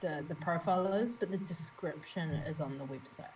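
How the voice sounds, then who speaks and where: A woman's voice: deep voice, a little fast, recorded from a distance, poor audio. A woman co-hosting a live stream, teasing playfully and breaking into laughter. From New Zealand. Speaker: co-host. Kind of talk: live-stream casual chat. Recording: voice a little off mic.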